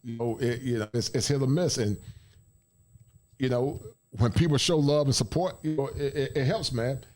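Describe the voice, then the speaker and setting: A man's voice: medium pitch, moderate pace, a little mellow. A man hosting his own channel's livestream, laid-back and casual, often tagging lines with "man". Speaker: YouTube channel host.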